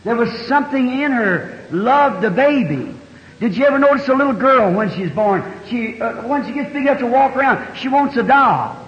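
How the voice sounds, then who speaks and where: High-pitched man preaching, folksy storyteller, old dull lo-fi tape, big echoey hall. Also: animated, moderate pace. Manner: folksy storytelling, plain country grammar. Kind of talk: sermon.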